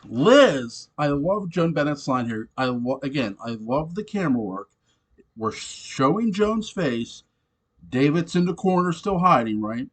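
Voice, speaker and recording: Guy reviewing an old show episode, kinda high voice, swings all over, cusses a lot. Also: a little slow, slightly rough. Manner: animated, swears often, laughs between points.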